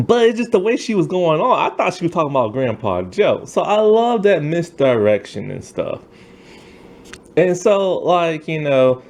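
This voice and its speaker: A man's voice: medium pitch, darkish tone. A man casually reviewing a TV episode, retelling scenes and acting out characters' lines, laughing often. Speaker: TV show reviewer.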